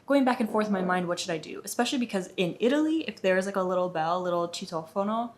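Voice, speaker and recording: A woman's voice: mid-range voice, quick pace. A young woman from the United States chatting through an exasperated storytime vlog, with lots of "like". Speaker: vlogger. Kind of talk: casual storytime.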